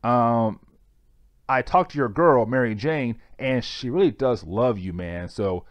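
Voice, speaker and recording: A man playing a troubled teenage boy from a comic, speaking calmly and reassuringly. The voice sits lower than the reviewer's own and stays quiet and even. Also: unhurried, no room sound, dull audio, natural voice. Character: troubled teenage boy, son of a villain, calm.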